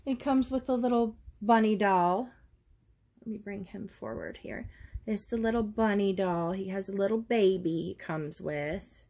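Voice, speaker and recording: Chatty doll-collector woman, mid-pitched, folksy unboxing vlog. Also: measured pace, dark tone. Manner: chatty, rambling, folksy with "y'all". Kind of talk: casual unboxing chat.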